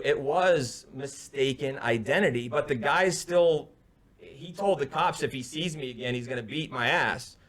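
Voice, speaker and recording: A young man, co-host of a casual talk show, telling a story with energy and acting out the other man's shouted lines, heard over a remote call. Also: fairly high pitch. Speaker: podcast co-host. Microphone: headphones on, remote call.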